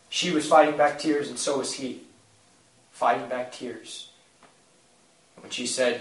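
Impassioned preacher in an echoey room. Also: male voice, medium pitch, steady tone, measured pace, pauses often, a bit bright. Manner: impassioned, repetitive preaching with swelling emphasis. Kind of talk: sermon. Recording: echoey room, mic at a distance.

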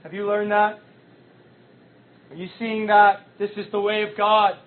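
High-voiced preacher on a tinny line. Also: male voice, little pitch movement, measured pace. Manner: impassioned, with big swings in loudness. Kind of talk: sermon. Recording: tinny phone-like sound.

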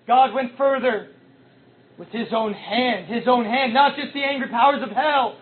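High-voiced preacher on a tinny line. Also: male voice, moderate pace. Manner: impassioned, with big swings in loudness. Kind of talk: sermon. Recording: tinny phone-like sound.

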